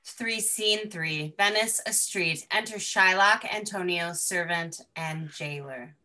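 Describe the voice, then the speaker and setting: A woman's voice: fairly low pitch, slow, pushed and bright, rough recording. A woman reading out stage directions in an unrehearsed play reading, her voice trailing off at the ends.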